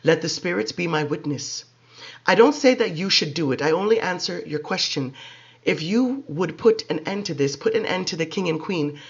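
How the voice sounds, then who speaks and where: A man's voice: high voice, a bit bright. A man voicing a guilt-stricken red-haired witch, pleading and anguished, on a dull lo-fi recording.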